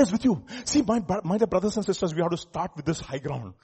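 A male pastor delivers a lively sermon in a high, husky voice. He keeps turning to the congregation with questions and breaks into chuckles between points. On the key lines he swells into loud, emphatic preaching. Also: rapid-fire, hardly any pauses. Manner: animated preaching with laughs and sudden loud emphasis.

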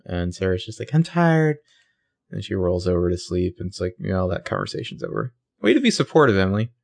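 A man's voice: sits low, expressive, fast, creaky. A man co-hosting a podcast in casual recap chat, joking and slipping into mock character voices. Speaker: podcast co-host.

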